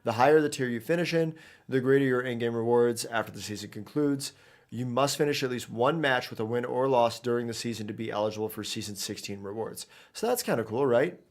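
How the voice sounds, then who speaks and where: A man's voice: mid-range voice, fairly quick. A man streaming a video game, talking casually and rambling with lots of fillers and restarts as he plays. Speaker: gaming streamer. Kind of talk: casual live gameplay commentary.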